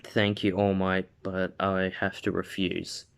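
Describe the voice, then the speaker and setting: A man voicing an earnest, determined teenage boy in a fan story, speaking politely in his own low, slow voice. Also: completely flat delivery, vocal fry, clean tone, full character voice.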